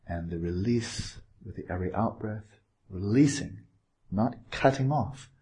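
On a retreat, a male meditation teacher gives a dharma talk in a gentle, playful manner, leaving unhurried pauses and slipping in small asides. His voice sits on the low side.

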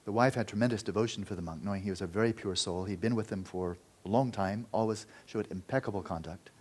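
A male Buddhist teacher tells a story during a dharma talk. His voice is low and breathy. He speaks earnestly, with restarts, and often drops to a hush. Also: fast. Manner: earnest, loose storytelling with restarts and quiet stretches.

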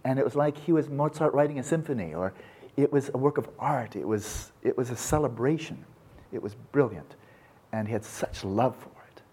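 A man's voice: medium pitch, expressive, moderate pace, mellow, breathy edge. A man giving an informal, digressive lecture, often restarting his sentences and talking with enthusiasm. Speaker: speaker on Buddhism and science.

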